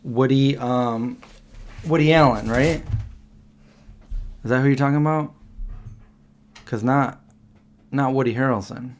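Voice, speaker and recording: A man's voice: medium pitch, darkish tone. Rambling man chatting on a livestream. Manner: rambling, reacting to chat comments with quick questions. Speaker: livestream host answering chat. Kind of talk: casual chat.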